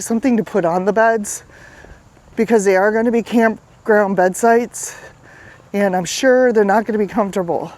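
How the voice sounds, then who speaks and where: A woman chats to her camera as she walks along an outdoor riverside path. She is slightly breathless from the walk and keeps her talk loose and repetitive, often tagging on a quick "right?". Her pitch sits in an ordinary middle range. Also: a little mellow. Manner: chatty, repeats itself, asks "right?". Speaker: fitness coach and vlog host. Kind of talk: casual vlog talk while walking. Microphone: handheld camera while walking.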